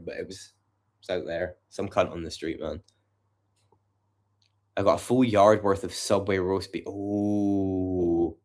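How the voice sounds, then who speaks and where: A man with a deep, low voice rambles to his livestream chat from home late at night. His talk is loose, profane banter, full of swearing and asides to viewers. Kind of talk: casual chat with a livestream audience.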